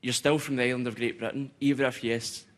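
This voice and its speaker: A blunt nineteen-year-old student with a Scottish accent argues his point from the floor. His voice sits at an ordinary middle pitch. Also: fairly even intonation, a little fast. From Glasgow, Scotland. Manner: blunt, argumentative. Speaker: student in the audience.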